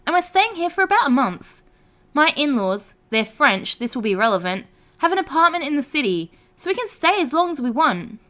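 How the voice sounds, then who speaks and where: High, lively woman reading stories. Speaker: narrator. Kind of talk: reading online stories aloud.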